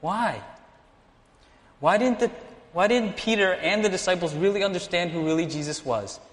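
A man's voice: sits high, normal speed. Man preaching in an echoing hall. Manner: animated preaching, acts out dialogue. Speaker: pastor. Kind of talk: sermon.

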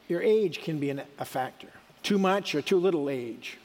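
A man's voice: fairly high pitch, lively intonation, moderate pace, darkish tone, in a large hall. A middle-aged man giving a sermon in a conversational, folksy way, with asides and restarts. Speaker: preacher.

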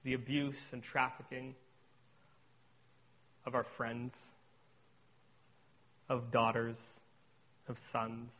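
A man's voice: medium pitch, flat delivery, drawn-out words, long pauses, breathy edge. Earnest man giving a sermon testimony. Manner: earnest, shifts between hushed and emphatic. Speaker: speaker on addiction recovery.

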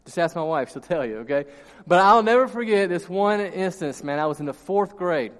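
A man preaching a sermon, telling a funny story from his childhood before turning to scripture in a lively storytelling manner. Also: high voice, fairly quick. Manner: storytelling, animated, laughs at own jokes. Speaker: pastor. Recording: long reverb in a large hall.

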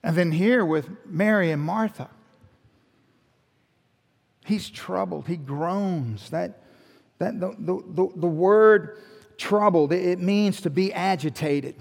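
A man's voice: high-pitched, slow, creaky, long pauses, in a large hall. A male pastor preaching a sermon in a conversational teaching manner, asking rhetorical questions and restarting phrases. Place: church sanctuary.

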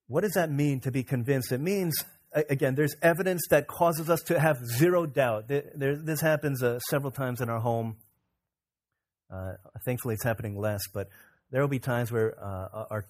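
Pastor guy in his 30s preaching, goes quiet then gets loud and high on the big points. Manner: swings from soft to loud and high when stressing a point. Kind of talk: sermon.

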